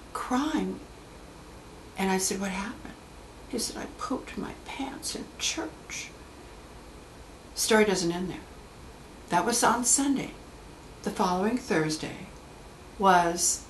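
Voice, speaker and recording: A woman hypnotherapist telling stories about her clients in a lively way, acting out the voices of the people in them. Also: medium pitch, roomy sound, slight background noise, rough recording. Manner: animated storyteller acting out quoted voices. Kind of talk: anecdotal storytelling talk.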